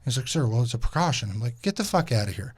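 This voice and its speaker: A man's voice: medium pitch, fast, husky. A man in his thirties telling a road trip story to camera as a vlogger and father, swearing freely and acting out what people said. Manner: profane, animated, acts out quotes. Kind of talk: casual storytelling.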